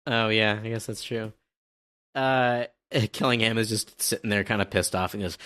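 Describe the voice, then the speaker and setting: A man's voice: lowish voice, fairly even intonation, normal speed, sharp tone, clear, resonant tone. A man on a podcast casually recapping a comic chapter, hesitant and full of ums and uhs.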